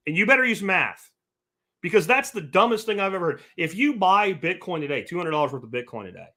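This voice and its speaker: A man's voice: sits high, big pitch swings, fast, sharp tone. A man hosting a livestream podcast, reading chat comments aloud and answering them in a blunt, profane rant. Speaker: podcast host.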